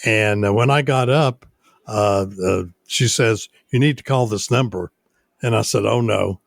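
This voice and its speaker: An older man, a radio station owner, telling stories unhurriedly in a casual interview, with many pauses. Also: on the low side, vocal fry, no echo, clean studio sound. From United States.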